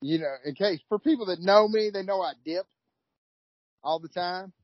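A man's voice: high voice, moderate pace, no echo. Kentucky-twanged man, folksy storyteller. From Louisville, Kentucky. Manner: relaxed storyteller, folksy, repeats words. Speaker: racehorse trainer. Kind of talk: casual interview chat. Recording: dull lo-fi audio, dry.

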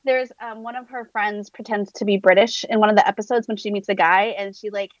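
A woman in a casual chat, chatty and quick to laugh. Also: medium pitch, fairly even intonation, dry recording, lo-fi sound.

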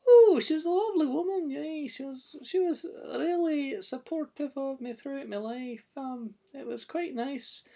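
A tiny, shy young Scottish woman, squeaking high above his own voice. She rambles meekly and wistfully, sounding a little back from the microphone. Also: normal speed, hardly any pauses, warm tone, distant mic.

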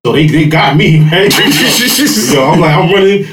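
A man's voice: a little high, lively intonation, measured pace, fairly bright tone, echoey room, low-quality recording. A man telling a long childhood story in casual podcast chat, rambling with lots of fillers and laughing as he goes. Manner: laughs through his story. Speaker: podcast panelist, father.

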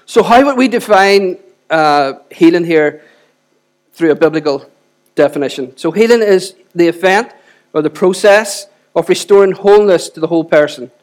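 High-voiced pastor preaching. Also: male voice, moderate pace. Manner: conversational preaching with frequent restarts and repeated words. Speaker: lead pastor. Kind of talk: sermon.

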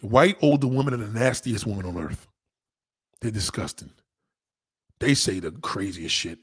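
A man's voice: lowish voice, animated, moderate pace, husky, dry recording, studio quality. A man hosting a casual streamed chat, talking in a crude, rambling way full of street slang. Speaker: host.

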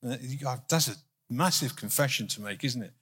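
A man's voice: medium pitch, expressive, moderate pace, pushed and bright, husky. A male minister giving an informal, conversational sermon, often restarting his sentences. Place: church hall. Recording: hall reverb.

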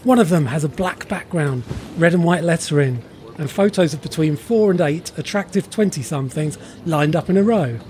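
A man's voice: on the high side, normal speed, darkish tone, slight background noise. A man hosting a horror podcast, reading a wry scripted intro and then chatting casually. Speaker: podcast host.

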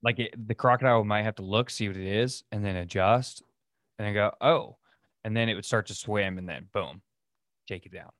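Man, casual podcast host, low voice, dry close mic, rambling, filler-heavy. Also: steady tone, brisk, fairly bright tone, dry recording. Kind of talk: casual solo podcast monologue.

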